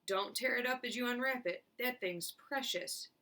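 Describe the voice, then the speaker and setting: A woman voicing a fat, excitable male shopkeeper in a children's storybook reading, shouting high and fast when thrilled. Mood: shrieking excitement.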